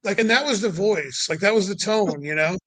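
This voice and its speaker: A man's voice: high voice, brisk, fairly bright tone, no echo, poor audio. A young man telling a racing story in loose, rambling casual chat, full of "like" and "you know". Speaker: podcast guest.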